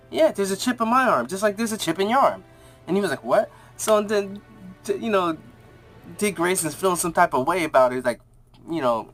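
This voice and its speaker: A man casually recapping and reviewing a TV episode, rambling in slang and acting out the characters' lines in quick voices. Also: on the high side, fairly bright tone.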